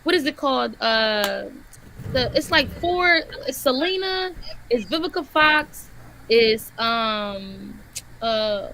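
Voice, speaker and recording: A woman hosting a casual livestream chat, asking guests questions and pausing on fillers. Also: fairly high pitch, animated, bright, forceful tone, slight background noise, poor audio. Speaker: host.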